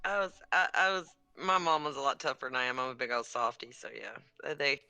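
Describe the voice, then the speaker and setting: An older woman with a very bright, lively voice chats on a stream. She teases and laughs often, and her pitch swings widely as she talks. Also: a little fast. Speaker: livestream guest. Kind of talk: casual chat.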